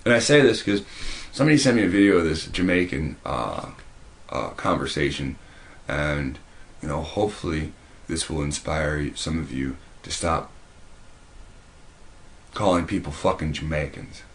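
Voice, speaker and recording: A man's voice: rumbling low, animated, normal speed, creaky, long pauses. A man giving a preachy commentary monologue, emphatic and repetitive, often restarting his sentences. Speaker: video commentator.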